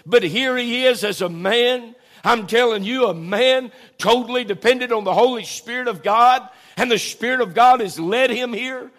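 A man preaching a sermon to a church congregation, slowing down to stress key phrases and dropping in folksy asides. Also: extremely high pitch, a bit bright. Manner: preaches with slow, drawn-out emphasis and Southern folksy asides. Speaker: pastor.

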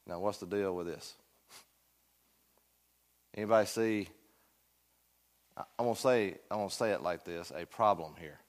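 A man's voice: low voice, moderate pace, long pauses. Folksy man teaching a Sunday school class. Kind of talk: Bible class teaching with questions to the room. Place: church classroom.

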